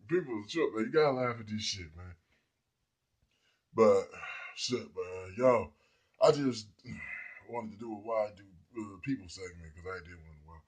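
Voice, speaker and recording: A man's voice: on the low side, normal speed, slightly rough. A man delivering a rambling, profane comedic rant to his viewers. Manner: profane, rambling, laughs at people. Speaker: vlogger.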